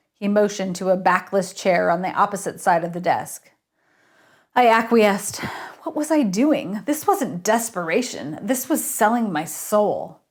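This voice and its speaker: A woman, an author, reading her novel aloud in an expressive, lively way. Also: mid-range voice.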